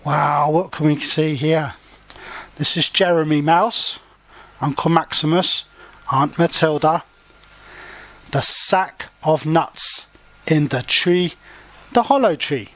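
Man reading a storybook to learners: slow, patient, plain explanations, slightly high voice. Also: a bit bright. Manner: slow, simple explanations for children. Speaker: storybook reader and language teacher. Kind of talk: reading a picture book aloud with explanations for learners.

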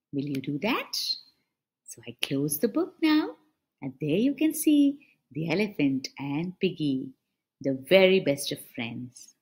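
A woman reading a picture book aloud to preschool children, animated and asking them questions as she goes. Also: lowish voice, breathy edge. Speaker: preschool storyteller.

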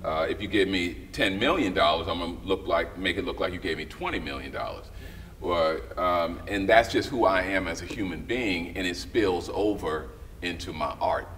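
A man's voice: deep voice, normal speed. A middle-aged man, a writer and director, telling stories as a guest in a casual interview and acting out the voices of people he quotes. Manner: animated storyteller who acts out quoted voices. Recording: slightly distant mic with faint background noise.

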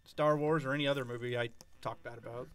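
A man's voice: medium pitch, steady tone, fast talker, a bit bright, clear, resonant tone. A man co-hosting a casual podcast chat, sarcastic and profane, laughing often. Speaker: podcast co-host.

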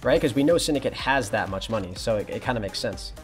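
Fast-talking young male game streamer. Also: lowish voice, faint music behind. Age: young adult. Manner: relaxed, chatty, reads and answers chat. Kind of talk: casual live-stream chat while playing.

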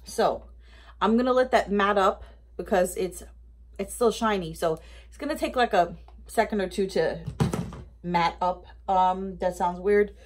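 Woman, casual haul vlogger, rambling, thinking aloud, mid pitch. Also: unhurried, long pauses. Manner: talks with mouth full of candy. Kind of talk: casual product review.

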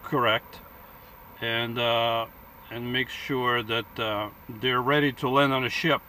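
A man's voice: medium pitch, little pitch movement, takes it slowly, pushed and bright, slight background noise. A man playing a bossy Air Force captain who blusters and stalls with fillers as he gives orders. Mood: blustering.

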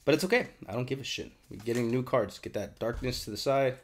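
A young man hosting a card unboxing, chatting casually with lots of swearing and bursts of excitement, congested and sniffly. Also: medium pitch, fast, a little hiss or hum. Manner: profane, excitable, rambling. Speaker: card unboxing channel host.

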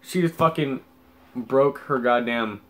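Speaking slowly in a mid-range voice, the young man vlogs through a meandering, laid-back story. Curse words come constantly, and "like" fills nearly every gap.

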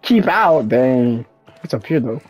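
A young woman playing a co-op game, excitable and giggly, calling her partner bro. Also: a bass voice, a little slow, husky, soft background music. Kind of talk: casual gaming chat.

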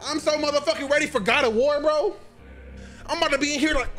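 A young man reacting to a video game as he plays, excitable and profane, with loud outbursts and banter. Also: extremely high pitch, a little fast, faint music behind.

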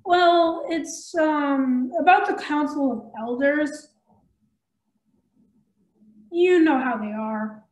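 A woman's voice: drawn-out words, long pauses, echoey room, rough recording. A woman voicing a nervous, hesitant male cat leader who stammers with fillers. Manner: hesitant, full of fillers, high and bright.

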